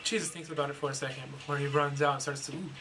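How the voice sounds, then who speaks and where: A man's voice: fairly high pitch, steady tone, rapid-fire, over music. Rambling young man reading his story aloud. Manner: rambling, self-correcting narration. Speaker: reader of his own fan story. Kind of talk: casual read-through with friends.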